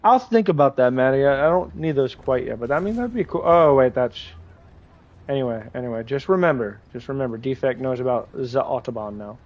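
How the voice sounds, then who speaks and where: A man's voice: mid-range voice, lively intonation, brisk, dull audio. A man streaming a game, chatting casually and rambling, full of "like" and restarts. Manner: rambling, heavy use of "like", many restarts. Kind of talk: casual chat while gaming.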